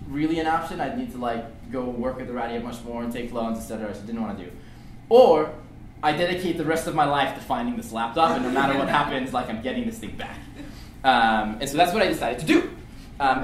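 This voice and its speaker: A young man telling a lively story to an audience in a lecture room, sometimes shouting out the lines he acts out. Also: medium pitch, slight background noise. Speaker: student speaker. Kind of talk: storytelling talk. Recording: echoey room, distant mic.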